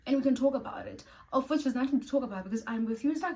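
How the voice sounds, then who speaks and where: A young woman with a South African accent tells a story in a casual vlog, her voice sitting a bit high. She is blunt and animated, swears freely and acts out every line of the argument. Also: fast, hardly any pauses, low-quality recording. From South Africa, Cape Town. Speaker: storytime vlogger.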